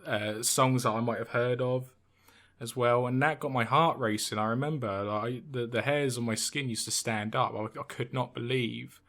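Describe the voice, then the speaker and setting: A man's voice: medium pitch, steady tone, moderate pace, fairly bright tone. A man of twenty-one, a podcast co-host, telling a story in casual chat with many fillers and restarts.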